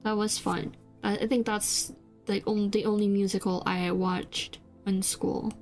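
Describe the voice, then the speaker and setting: In a casual, rambling stream chat full of hesitation, fillers, and restarts, a young Korean-speaking VTuber from South Korea talks unhurriedly. Her voice is medium-pitched and darkish, with a level tone, and faint music plays behind her.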